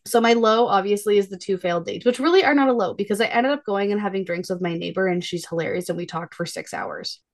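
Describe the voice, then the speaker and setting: A woman in her thirties talks in a casual podcast chat with a mid-range voice. She tells family stories in a lively way and jumps into higher voices when she quotes her children. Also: fast talker, hardly any pauses. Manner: animated storyteller, acts out her kids' voices. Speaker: podcast co-host.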